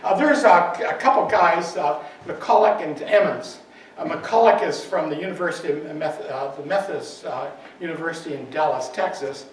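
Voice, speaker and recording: A male minister telling a story in his talk, animated and full of fillers, at a spiritual center. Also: a little high, normal speed. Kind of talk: sermon storytelling. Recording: echoey hall, far from the mic, faint noise.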